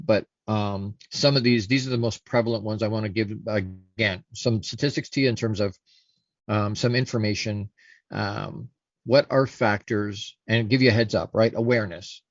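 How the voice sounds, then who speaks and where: A man's voice: mid-range voice, no room sound. Middle-aged male host, earnest, repeats himself, dry lo-fi mic. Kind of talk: casual solo talk show monologue.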